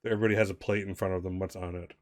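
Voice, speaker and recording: A man narrating as game master of a tabletop game, halting and often laughing. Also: low-pitched, flat delivery, no room sound, clean studio sound. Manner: laughing, halting, many fillers.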